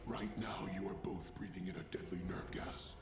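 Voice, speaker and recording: An actor playing a sinister hidden villain who runs a deadly game, speaking in a gravelly whisper in an animated parody skit. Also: male voice, deep voice, normal speed, loud music behind the voice, natural voice. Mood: menacing.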